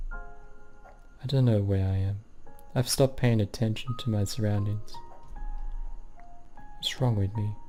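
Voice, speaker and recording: A man's voice: on the low side, warm tone, lightly acted. A man reading aloud as a distraught teenage girl in a visual novel, in a shaky, pleading first-person voice. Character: distraught teenage girl, panicking and self-blaming.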